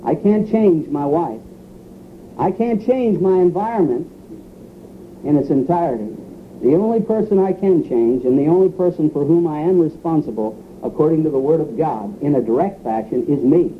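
A man preaching a sermon with a slightly high voice and earnest emphasis. His voice comes through a thin, phone-like radio broadcast with a faint hiss underneath. He leans into the quoted lines, acting them out as he goes. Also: lively intonation, moderate pace.

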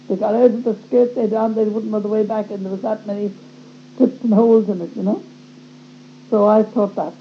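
An earnest woman recounts her own story as a testimony and voices her past thoughts vividly as she goes. Her voice sits at an ordinary middle pitch. The recording is dull and muffled, with a faint hum underneath. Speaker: speaker giving a personal religious testimony. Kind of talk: first-person storytelling testimony.

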